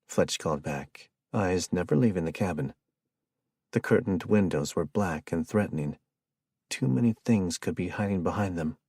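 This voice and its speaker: A man narrating an audiobook in an even, measured reading. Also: sits low, husky, dry recording, clean studio sound. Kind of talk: scripted narration.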